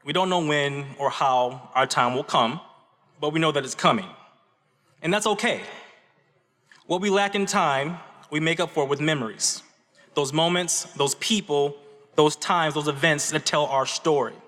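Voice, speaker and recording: A man's voice: a little high, measured pace, a bit bright. A man from Michigan giving a graduate convocation speech at a podium, telling a story earnestly and tossing in "right?" asides to the audience. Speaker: graduate student speaker. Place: large auditorium. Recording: echoey auditorium reverb.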